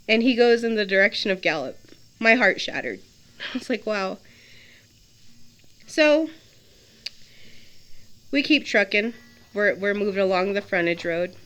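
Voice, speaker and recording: A woman's voice: mid-range voice, pushed and bright. A young adult woman telling a personal story in a chatty, casual way, with frequent laughs, fillers and restarts.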